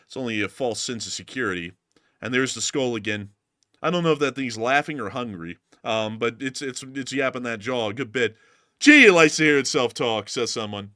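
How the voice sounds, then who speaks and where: A man's voice: mid-range voice, brisk, dry recording, studio quality. A man hosting a war news show, giving casual, joking commentary over battle footage. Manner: joking, animated, self-mocking.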